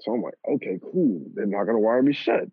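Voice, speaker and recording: Low husky man telling a story. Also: fairly quick, no room sound. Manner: animated, laughs at himself, swears casually. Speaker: guest telling a personal story. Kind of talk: casual storytelling. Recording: lo-fi phone-like audio.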